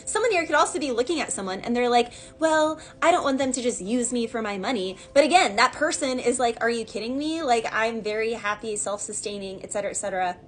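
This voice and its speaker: A woman giving a casual, rambling tarot reading, talking in a chatty way full of fillers and asides. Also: fairly high pitch. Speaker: tarot reader.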